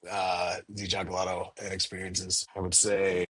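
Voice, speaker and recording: A candy store owner in a casual interview, talking animatedly and acting out little quoted exchanges in a raised voice. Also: male voice, deep voice, completely flat delivery, normal speed, fairly bright tone, slightly rough, no echo.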